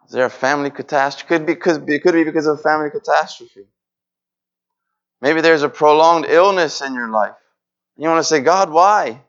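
A man's voice: on the high side, moderate pace, fairly bright tone, lo-fi sound. A man preaching a sermon in an earnest way, repeating phrases and acting out pleading prayers.

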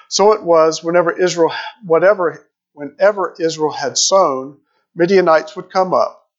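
A man delivers a sermon, reading scripture aloud and pausing to ask his listeners questions. His voice sits a little high for a man. The recording is dull and lo-fi. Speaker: preacher.

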